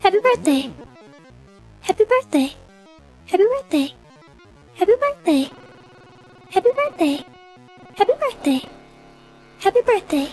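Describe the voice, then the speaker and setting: A woman speaking in an expressionless, flat monotone in surreal performance art clips. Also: very high-pitched, measured pace, long pauses, faint music behind. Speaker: internet performance artist.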